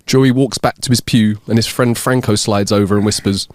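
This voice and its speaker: A man co-hosting a podcast, reading jokes aloud in a steady storytelling way. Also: fairly low pitch, moderate pace, few pauses, no echo, studio quality. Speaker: podcast co-host. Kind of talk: casual joke telling.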